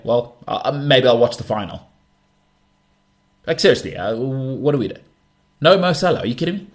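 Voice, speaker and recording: A man hosting a sports talk show, giving emphatic, repetitive opinions in animated bursts. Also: medium pitch. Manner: emphatic, repeats himself, animated rants. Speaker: podcast host.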